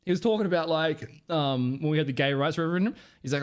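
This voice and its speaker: A man's voice: a little high, fast talker, few pauses. A young Australian man casually commentating on clips on his stream, rambling and swearing a lot.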